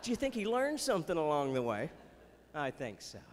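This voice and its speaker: A man's voice: fairly high pitch, huge pitch swings, fairly quick. Playful man doing stand-up in a hall. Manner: chatty, jokey, playful asides. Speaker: stand-up comedian. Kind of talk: Christian stand-up comedy. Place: festival stage before a live audience.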